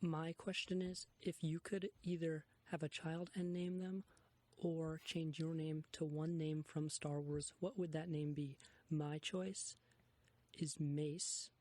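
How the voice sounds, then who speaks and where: Flat-voiced man leaving a voicemail. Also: a little high, takes it slowly. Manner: friendly, joking. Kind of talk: voicemail message.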